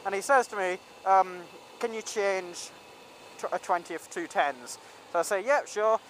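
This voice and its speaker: A man's voice: high-pitched, normal speed, fairly bright tone, a little hiss or hum, low-quality recording. A young man telling a rambling story in a casual vlog, full of ums and restarts. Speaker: vlogger.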